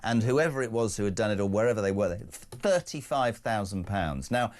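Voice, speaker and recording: A man's voice: on the low side, expressive, a little fast, darkish tone. A man hosting a radio breakfast show, ranting and joking in brash, opinionated banter.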